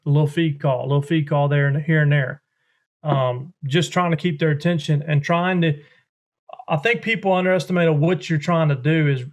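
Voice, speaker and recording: Duck-call maker, folksy drawl, fairly high voice. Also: male voice. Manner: drawling, folksy, mimics duck sounds with his voice. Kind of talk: instructional explanation.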